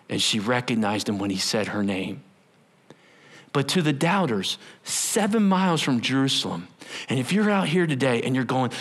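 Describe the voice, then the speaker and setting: Animated husky-voiced male pastor preaching. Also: on the high side, normal speed. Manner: animated storytelling, acts out voices, drops to whispers. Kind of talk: sermon.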